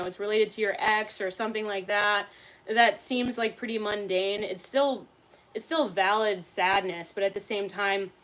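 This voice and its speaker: A young woman with a medium-pitched, slightly bright voice chats casually on a livestream. She reads out and answers the chat, staying candid while swearing and laughing often.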